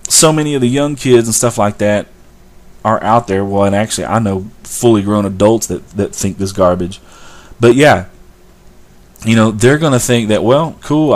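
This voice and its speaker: A man hosting a talk show, ranting in an opinionated monologue with sarcastic asides. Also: lowish voice. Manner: ranting, sarcastic, mocks stoners in a drawl. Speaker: show host.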